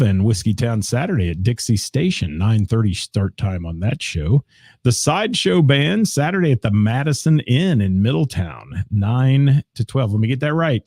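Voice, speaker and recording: A man's voice: fairly low pitch, dark tone, dry recording, clean studio sound. A man hosting a live local music show, casually reading gig listings and answering viewer comments. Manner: chatty, reads gig dates aloud, answers viewer comments.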